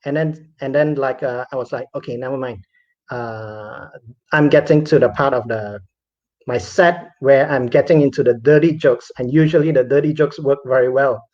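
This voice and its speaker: A man's voice: medium pitch, moderate pace, darkish tone. A man who is a comedian, telling a personal story in a chatty, self-deprecating way with many fillers. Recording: dull lo-fi recording.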